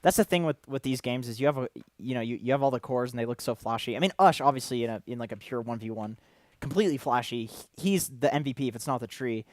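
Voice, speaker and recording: A man's voice: mid-range voice, fast, dry recording, studio quality. A Canadian man co-commentating an esports match, laid-back and loose, laughing easily. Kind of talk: casual commentary banter.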